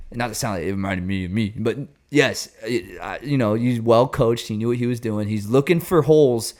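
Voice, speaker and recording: Animated, jokey male baseball host. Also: mid-range voice. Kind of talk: casual baseball commentary.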